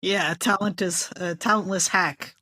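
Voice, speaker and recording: A woman's voice: fairly low pitch, fairly even intonation, a little slow, pushed and bright, no echo, studio quality. A woman co-hosting a casual podcast, chatting about wrestling and laughing often. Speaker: podcast co-host.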